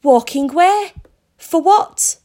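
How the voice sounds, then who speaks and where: A woman's voice: very high voice, lively intonation, takes it slowly, mellow, voice pushed up, heavily acted. A woman voicing a cold, metallic robot police car that barks curt commands and questions in a storybook reading. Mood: interrogating. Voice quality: metallic, hissing.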